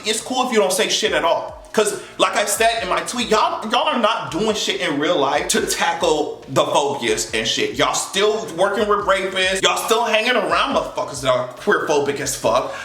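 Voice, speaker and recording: A man with a high, bright voice delivers a heated, sarcastic vlog rant full of profanity. He slips into mocking voices now and then. The room is echoey, with faint music playing underneath. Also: sing-song, normal speed, hardly any pauses. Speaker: vlogger. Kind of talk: casual opinion rant to camera.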